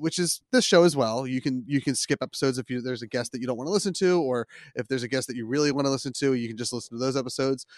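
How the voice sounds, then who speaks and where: A man's voice: mid-range voice, no echo, clean studio sound. A man with a Philadelphia accent hosting a podcast, chatting casually in a rambling, self-deprecating way with lots of restarts. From Philadelphia area. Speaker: podcast host.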